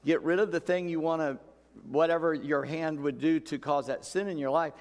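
A man's voice: fairly high pitch, steady tone, moderate pace, long reverb tail. A male pastor preaching a sermon in a folksy, conversational way, repeating key phrases for emphasis.

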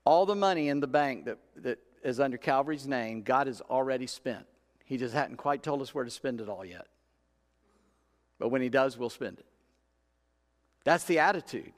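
A man's voice: mid-range voice, moderate pace, pauses often. A man preaching a sermon in a church, telling stories in a folksy way and acting out the voices in his quotes. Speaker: pastor. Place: church sanctuary. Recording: long hall reverb.

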